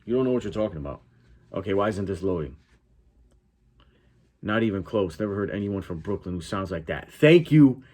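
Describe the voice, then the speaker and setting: A man's voice: deep voice, fairly quick, long pauses, a little mellow. A man with a Connecticut accent doing reaction commentary, blunt and profane, talking back at the clip he is watching. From Connecticut, USA. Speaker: reaction YouTuber.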